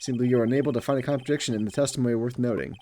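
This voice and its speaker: A man's voice: mid-range voice, fairly even intonation, rapid-fire, mellow, lightly acted. A man voicing a timid older judge who speaks in a formal, hesitant way.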